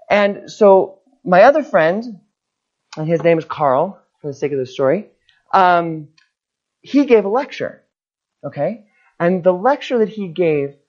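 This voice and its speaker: A guest preacher giving an informal sermon as a personal story, animated and acting out the people in it. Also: mid-range voice. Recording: dull lo-fi recording.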